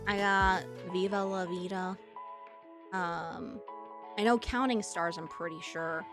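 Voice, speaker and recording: A woman's voice: lowish voice, fairly even intonation, slow pace, music in the background. A woman streamer with a Southern US accent, chatting casually with viewers and laughing often. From US Midwest and South.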